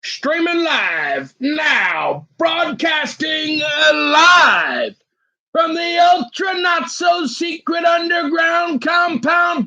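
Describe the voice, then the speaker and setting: A man putting on the voice of an over-the-top male announcer opening a live broadcast, shouting and drawing out each phrase. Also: very high-pitched, pitched above the performer's own voice, full character voice. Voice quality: shouted, drawn-out announcer delivery.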